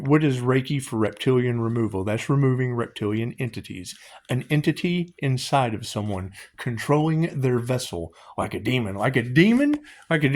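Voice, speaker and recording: A man answering viewer questions in a loose, profane, rambling live-stream monologue, laughing and repeating himself. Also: mid-range voice.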